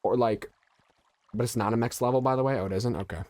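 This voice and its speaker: Male game streamer, congested and nasal, mid-pitched, casual and jokey, muttering asides to chat. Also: fast, a little mellow, dry recording. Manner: chatty, loose and joking, muttering asides. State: stuffy and nasal from allergies. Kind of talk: casual live-stream chat, answering viewers.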